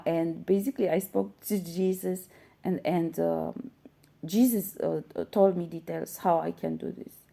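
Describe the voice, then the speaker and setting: Woman preaching about spirit stuff, earnest, lots of ums, kinda gravelly voice. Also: mid-range voice, warm tone. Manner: earnest, insistent, many fillers and restarts. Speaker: spiritual channel host. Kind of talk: spiritual teaching monologue.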